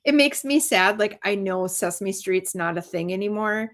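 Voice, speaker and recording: A middle-aged woman, a teacher hosting a casual chat, animated and laughing often. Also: medium pitch, moderate pace. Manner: animated, laughing, acts out kids' voices. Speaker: host, teacher.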